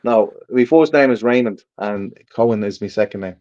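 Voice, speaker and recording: A man's voice: on the low side, moderate pace, a little mellow, dull audio. An Irish man bantering on a casual podcast, teasing and laughing often.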